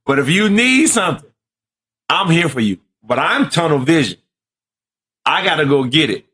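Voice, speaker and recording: A man's voice: on the high side, very animated, moderate pace, pushed and bright, slightly rough. A man in casual podcast chat who speaks earnestly and reflectively in short, punchy phrases.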